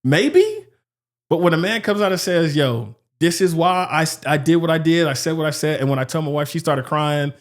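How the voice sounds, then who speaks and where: A man with a slightly higher voice talks through a casual podcast conversation. He is animated and drops into other people's voices when he quotes them. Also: brisk, hardly any pauses. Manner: animated, acts out quotes with shifting pitch. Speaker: podcast co-host. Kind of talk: casual chat.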